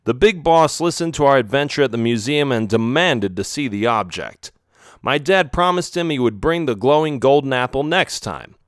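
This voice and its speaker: Expressive man reading a children's story. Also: medium pitch, moderate pace, no room sound, studio quality. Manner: first-person, expressive. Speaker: audiobook narrator. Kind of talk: storybook narration.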